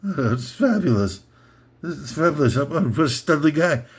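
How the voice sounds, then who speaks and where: A man impersonating a smug, self-adoring male movie star in a low, pompous voice. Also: big pitch swings, moderate pace, slightly rough.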